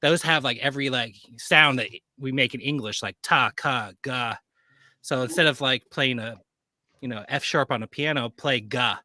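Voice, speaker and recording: Guest man, bright dry voice, rambling and chatty with lots of fillers. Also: medium pitch, normal speed, no echo. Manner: rambling, many fillers and self-corrections. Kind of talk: casual chat.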